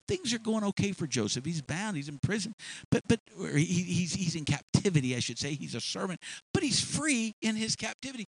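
Male preacher, lively pitch, storytelling sermon, dry close sound. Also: moderate pace, no room sound, poor audio. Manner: animated, repetitive restarts.

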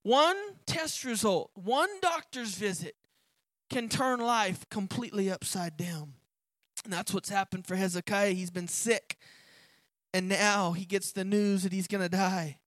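A preacher delivering an impassioned sermon, building to shouts, then reading scripture lower and quieter. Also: a little slow, no echo. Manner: impassioned, rising to shouts on key points.

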